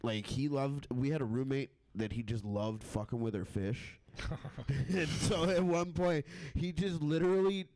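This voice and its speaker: A man with a mid-pitched voice tells crude stories in loose, laid-back comedy banter. His delivery stays deadpan, and the sound is close and dry, with no room echo. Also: measured pace. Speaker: comedian podcast guest.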